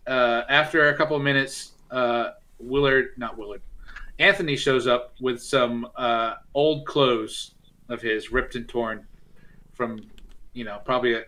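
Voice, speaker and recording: A man's voice: mid-range voice, pushed and bright. A man running a tabletop role-playing game, narrating casually with many fillers. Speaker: game master.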